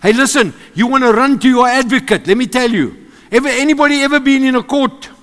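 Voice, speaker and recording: A man with a South African accent preaching a sermon, animated and joking with the congregation. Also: extremely high pitch, fairly quick. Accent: South African English. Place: church service with congregation. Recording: long hall reverb.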